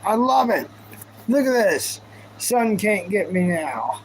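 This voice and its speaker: A man's voice: high-pitched, expressive, slow, a little hiss or hum, low-quality recording. A man chatting casually on a live stream, rambling and goofy, thanking viewers as he goes. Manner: goofy, rambling, talks to chat.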